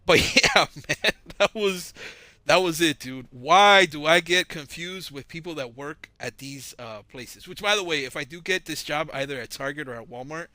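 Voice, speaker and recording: A man's voice: a little high, normal speed, bright, forceful tone, no echo. A man hosting his own channel, telling a story in a casual, slangy, rambling monologue on a close mic. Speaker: channel host. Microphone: close mic, audio-only recording.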